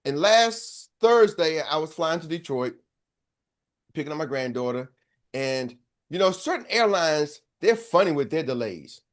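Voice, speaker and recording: Man, high-pitched, middle-aged, motivational coach, preachy storyteller, asks the crowd if they follow. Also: very animated, unhurried. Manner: preachy, storytelling, calls out to the audience. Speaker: sales coach. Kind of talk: motivational speech.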